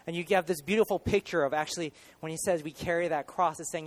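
Guy preaching, slightly high voice, gets loud then goes soft when he prays. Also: fast. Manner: animated, swings from loud emphasis to soft prayerful tone. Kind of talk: sermon.

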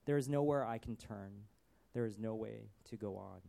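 A man's voice: fairly low pitch, moderate pace, creaky, dark tone, pitched below the performer's own voice. A man reciting as Judas in despair. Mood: anguished. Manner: archaic, lamenting poetic recitation. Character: remorseful male disciple, despairing betrayer. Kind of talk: dramatic reading of a poem.

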